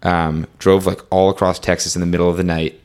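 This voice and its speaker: A young man with a very low, deep voice tells a rambling road-trip story over a casual chat. He leans heavily on "like" and "um" and slips into quick reenactments of the back-and-forth. The delivery stays loose and conversational throughout. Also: little pitch movement, darkish tone, smooth. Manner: rambling, fillers like "like" and "um", reenacts dialogue.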